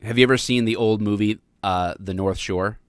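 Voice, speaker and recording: A man's voice: on the low side, steady tone, normal speed, clear, resonant tone, no echo, studio quality. An American man hosting a live-streamed talk show, chatting casually and jokingly with plenty of fillers. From United States. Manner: rambling, jokey, lots of fillers.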